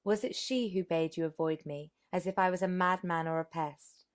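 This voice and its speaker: A woman voicing an earnest, impatient young gentleman who presses his questions insistently. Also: lowish voice, moderate pace, close to an everyday voice.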